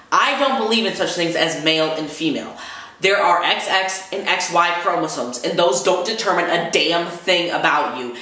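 A young man in a heated, swearing vlog rant, talking fast and full of anger. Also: on the high side, bright, forceful tone. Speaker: vlogger. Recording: very echoey room.

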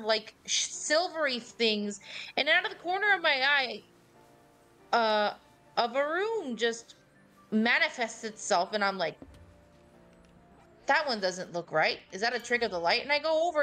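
A woman streaming a game with friends, telling stories in an excitable, animated way and swearing freely. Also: fairly high pitch, moderate pace, faint music behind. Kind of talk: casual gaming chat.

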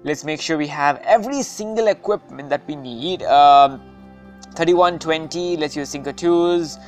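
A woman giving casual gameplay commentary, excitable and anxious, often calling out "dude". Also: low-pitched, measured pace, faint music behind. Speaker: gaming video host.

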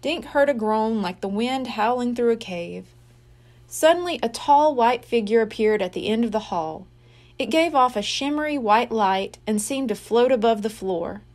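A woman reading a children's mystery book aloud, slowly and expressively. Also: a little high, lively intonation, darkish tone. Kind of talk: read-aloud storybook narration.

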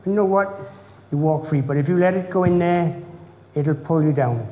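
A man's voice: fairly high pitch, moderate pace. Man preaching in an echoey church. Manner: earnest, repetitive, preacherly cadence. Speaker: pastor. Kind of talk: sermon. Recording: tinny phone-like sound in echoey church hall.

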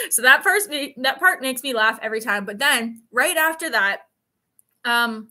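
A woman's voice: fairly high pitch, lively intonation, normal speed, bright, forceful tone. A woman in her late twenties chatting casually on a live stream, telling rambling stories with plenty of fillers. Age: 20s. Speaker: vlogger.

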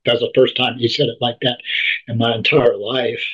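A man being interviewed, telling a personal story in halting speech that often repeats and restarts words. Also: mid-range voice, flat delivery, fairly bright tone, breathy edge. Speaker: interview guest. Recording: dull lo-fi recording.

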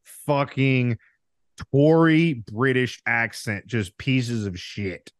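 A man's voice: mid-range voice, slow, dry recording, clean studio sound. A man co-hosting a podcast, ranting in casual chat with lots of swearing. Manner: animated ranting, heavy swearing. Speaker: podcast co-host.

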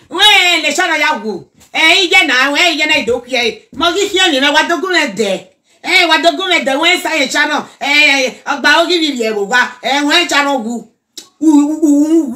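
A woman with a Nigerian accent delivers a heated, preachy reaction rant in Pidgin. Her voice sits high and bright. She mixes in another local language and breaks into song now and then.

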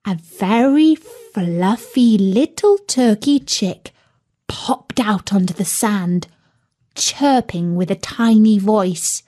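Slow, expressive woman storyteller. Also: mid-range voice. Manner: slow, clear, expressive reading. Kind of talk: storybook narration for learners.

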